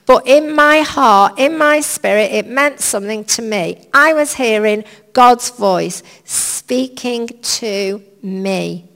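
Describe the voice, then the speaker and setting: Slow, gravelly woman preaching in a hall. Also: fairly high pitch. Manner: chatty, anecdotal and gently humorous. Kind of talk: informal sermon. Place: large church hall. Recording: long reverb of a church hall.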